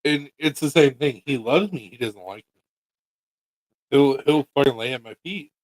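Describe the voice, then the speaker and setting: A man chatting casually about his cats, animated, profane and teasing. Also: mid-range voice, normal speed, no echo, rough recording. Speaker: pet owner. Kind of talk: casual chat on camera.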